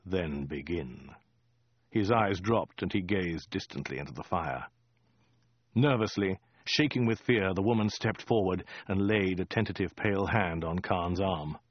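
A man narrating a comic story in a dry, deadpan way. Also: low-pitched, moderate pace, dry recording, lo-fi sound. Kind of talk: audiobook reading.

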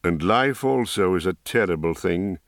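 A man voicing a wise, grave middle-aged mage in an audiobook, speaking in a low, measured way. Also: animated, no echo, clean studio sound. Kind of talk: audiobook reading.

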